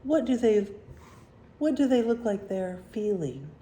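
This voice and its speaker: A woman reading a picture book aloud to children, gently asking them questions about the pictures. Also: medium pitch, sing-song, unhurried, a little hiss or hum. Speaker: storybook reader for children. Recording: roomy echo.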